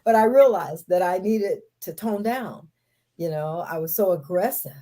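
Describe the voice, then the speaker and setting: A woman's voice: fairly low pitch, moderate pace, mellow. A middle-aged woman speaking emphatically in a casual group video chat, laughing readily. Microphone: video call.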